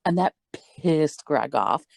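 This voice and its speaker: Profane, animated young woman telling a story. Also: deep voice, slow pace, vocal fry, dry recording. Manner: animated, profane, laughing as she tells it. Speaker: podcast co-host. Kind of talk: casual storytelling.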